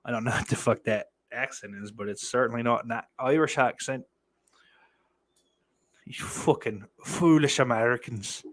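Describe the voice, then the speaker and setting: A man's voice: mid-range voice, fairly even intonation, fairly quick, few pauses, fairly bright tone. A man hosting a live podcast stream, talking casually and sardonically with plenty of profanity and mock threats. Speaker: podcast host reading live chat.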